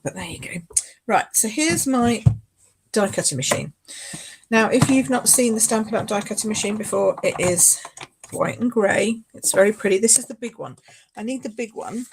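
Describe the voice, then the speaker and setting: A woman's voice: mid-range voice, slight background noise. A woman demonstrating card making in a live craft tutorial. She chats casually, often apologises and laughs along the way.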